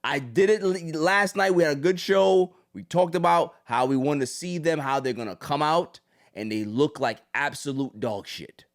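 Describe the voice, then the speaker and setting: A man's voice: on the high side, normal speed. A man hosting a podcast in casual, blunt chat, swearing freely. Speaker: podcast host.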